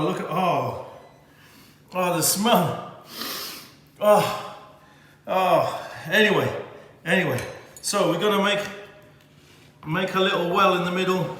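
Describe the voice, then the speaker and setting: A man's voice: sits high, sharp tone. A man hosting a home cooking demonstration, theatrical and exuberant, talking straight to his viewers. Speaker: cooking show host. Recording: very echoey kitchen with long reverb.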